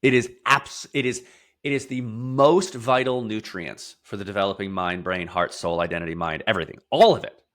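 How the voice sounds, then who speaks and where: A man guest in an interview, explaining emphatically, stacking lists of words and repeating key phrases. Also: fairly even intonation. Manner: drops to a quieter, slower, lower delivery for heavy points. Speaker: podcast guest, somatic therapist.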